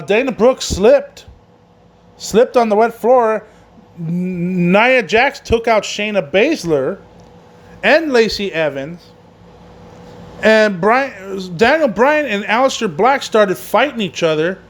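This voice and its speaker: A man hosting a casual wrestling podcast who rambles through a recap, swears often and laughs at his own jokes. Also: high voice. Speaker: podcast host.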